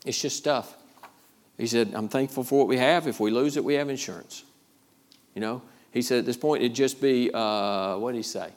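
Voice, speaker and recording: A man's voice: medium pitch, moderate pace. Emphatic preacher man. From Georgia, USA. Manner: emphatic preaching with repeated phrases and calls of "Amen?". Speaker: pastor. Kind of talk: sermon.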